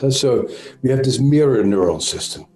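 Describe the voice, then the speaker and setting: A man with a Dutch accent speaks as an interview guest. His voice is soft and mellow, and he explains at a measured, searching pace with pauses and restarts. The room adds a noticeable echo, and faint music sits in the background. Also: mid-range voice, expressive. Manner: thoughtful, halting, frequent "uh" and self-corrections. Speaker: interview guest, trauma expert. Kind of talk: conversational explanation.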